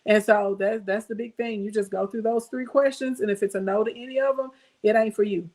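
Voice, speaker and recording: A woman's voice: mid-range voice, steady tone, a little fast, a little mellow. Chatty middle-aged American woman coaching viewers. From United States. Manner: emphatic, chatty, calls listeners "baby" and "y'all". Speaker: business coach and livestream host. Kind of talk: casual livestream talk to viewers.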